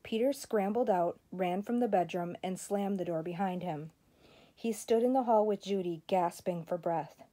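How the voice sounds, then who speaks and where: An older woman, a grandmother, reading a children's story aloud in a steady, expressive way. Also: mid-range voice, normal speed.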